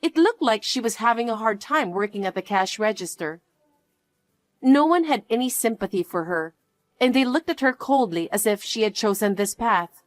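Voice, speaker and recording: A woman's voice: fairly high pitch, expressive, moderate pace, dry recording. A woman narrating a scripted first-person story in a cool, matter-of-fact way.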